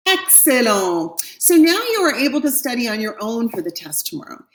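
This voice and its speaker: A woman French teacher giving a recorded class lesson, slowly modelling pronunciations for her students. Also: on the high side, expressive, recorded from a distance. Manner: slow, careful model pronunciations. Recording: echoey room, voice a bit off-mic.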